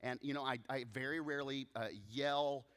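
A man preaching a sermon as pastor, telling stories with lively swings between loud bursts and soft low asides. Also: moderate pace, smooth, big-room sound.

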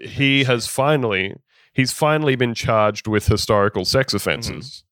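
A man's voice: mid-range voice, moderate pace, fairly bright tone, no room sound, clean studio sound. A man co-hosting a podcast who rants casually, swearing and sounding exasperated. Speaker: podcast co-host. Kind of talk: casual chat.

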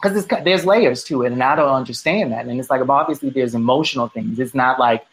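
A woman's voice: a bass voice, a little fast, poor audio. A woman in casual conversation who speaks reflectively, often restarting her sentences.

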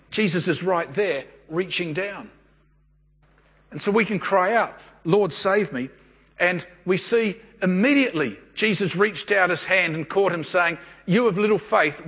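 Male pastor, conversational sermon, slightly husky voice, reverberant church hall. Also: high-pitched, pushed and bright. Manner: conversational storytelling preacher.

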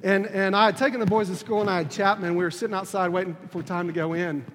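Earnest high-voiced man preaching in a hall. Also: steady tone, fairly bright tone. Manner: halting, repeats words and restarts, earnest. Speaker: preacher on a church leadership team. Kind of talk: personal testimony sermon. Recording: long reverb, faint room noise.

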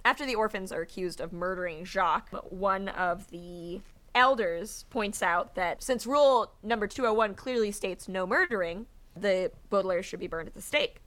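A woman's voice: mid-range voice, normal speed, fairly bright tone. A woman co-hosting a casual book discussion podcast, reading passages aloud with laughing asides. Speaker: podcast co-host.

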